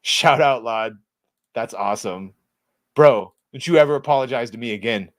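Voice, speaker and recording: A man co-hosting a podcast in loose, profane chat with a sarcastic, rambling delivery. His voice sits in an ordinary middle pitch. The sound is dry and close. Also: normal speed, no room sound. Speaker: podcast co-host. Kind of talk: casual chat.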